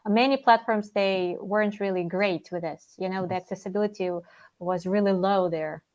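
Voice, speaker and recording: A woman hosting an online webinar, reacting with quick enthusiastic praise. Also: mid-range voice, steady tone, darkish tone. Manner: enthusiastic, short eager interjections. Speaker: webinar host. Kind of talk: casual webinar chat. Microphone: video call.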